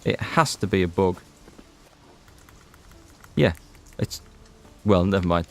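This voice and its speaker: A man's voice: low-pitched, lively intonation, takes it slowly, vocal fry. A man with a Northern Irish accent giving rambling, chatty let's-play commentary while he streams a game. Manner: chatty, rambling, self-interrupting. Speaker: gaming streamer. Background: faint game music.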